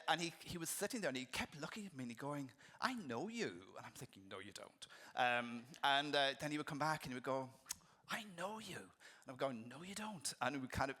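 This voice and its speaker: A man's voice: mid-range voice, pushed and bright. A middle-aged man giving a conversational conference keynote, telling anecdotes with frequent ums and restarts. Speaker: keynote speaker.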